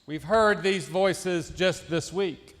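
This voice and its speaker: Slow, high-voiced preacher in echoey church. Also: male voice, a bit bright. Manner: slow, measured recitation of scripture voices. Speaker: pastor. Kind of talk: sermon. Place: church sanctuary.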